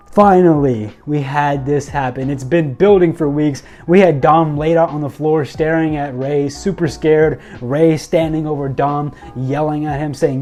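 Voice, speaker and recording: A young man excitedly recapping and commenting on a wrestling show, acting out quoted lines and using many fillers. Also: on the high side, moderate pace, few pauses.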